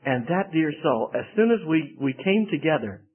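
A man's voice: fairly high pitch, sing-song, normal speed. A man preaching, telling a folksy personal story before reading scripture. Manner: folksy storytelling, acts out quoted voices. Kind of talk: sermon with personal anecdote. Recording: tinny phone-like band.

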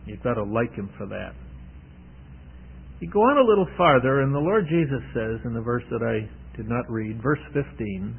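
A man preaching a conversational Bible teaching, retelling the scene with warm asides on a tinny radio broadcast. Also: mid-range voice, animated, moderate pace, creaky, slightly rough.

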